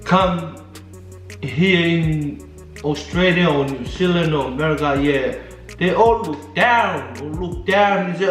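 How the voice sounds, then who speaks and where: A man from Samoa co-hosting a mukbang, making slow, earnest remarks in casual chat. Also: on the high side. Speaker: mukbang co-host. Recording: echoey room, faint music.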